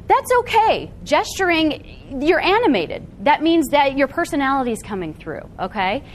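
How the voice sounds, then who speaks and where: Animated, high-voiced woman presenter. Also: normal speed, slight background noise. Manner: animated, often checks in with the audience with "okay?". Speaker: workshop presenter. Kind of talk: live seminar talk to an audience. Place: meeting room with a live audience.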